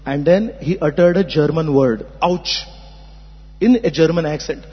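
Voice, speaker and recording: Earnest high-voiced man lecturing in a hall. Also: moderate pace, breathy edge. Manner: earnest, explanatory, rhetorical questions. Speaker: spiritual teacher. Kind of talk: philosophical discourse. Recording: muffled hall recording.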